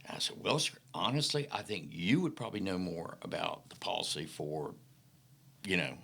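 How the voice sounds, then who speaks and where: Man, middle-aged, deep voice with a bright edge, folksy anecdotes for an interview guest spot. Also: moderate pace, creaky, breathy edge. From Mississippi Delta, American South. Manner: folksy, animated anecdotes with acted-out quotes. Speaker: podcast guest. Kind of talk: casual storytelling interview.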